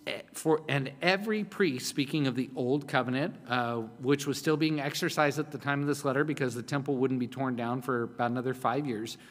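Emphatic pastor preaching in a hall. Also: male voice, medium pitch, steady tone, a little fast. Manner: emphatic, conversational preaching with repetitions. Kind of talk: sermon. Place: church hall. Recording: long hall reverb.

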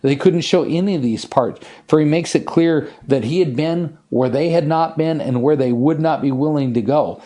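Earnest male preacher with a mellow voice. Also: fairly high pitch. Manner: earnest, emphatic preaching with slowed, stressed scripture reading. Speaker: pastor. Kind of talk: expository sermon.

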